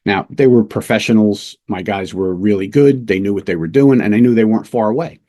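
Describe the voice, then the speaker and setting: A middle-aged man, a police lieutenant, teaching undercover work through a casual, lively anecdote told with small restarts. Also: on the low side, fairly quick. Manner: lively anecdotes, acts out quoted voices, fillers and restarts. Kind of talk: casual storytelling lesson.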